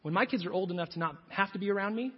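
Emphatic male pastor mid-sermon, husky voice, long hall reverb. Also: sits high, racing. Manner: emphatic, repetitive, animated preaching. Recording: dull recording in a big reverberant hall.

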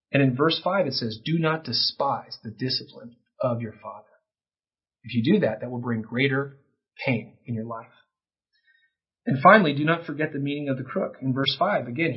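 Male pastor, husky voice, impassioned sermon delivery, slightly dull lo-fi recording. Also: medium pitch, moderate pace. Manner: impassioned, rising to near-shouting peaks. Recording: dull lo-fi sound.

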